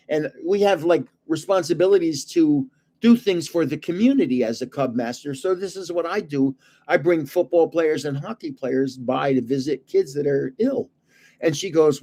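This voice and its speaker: A man's voice: fairly high pitch, moderate pace, mellow. An older man hosting a casual livestream, telling rambling stories and chuckling often. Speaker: channel host giving away trading cards.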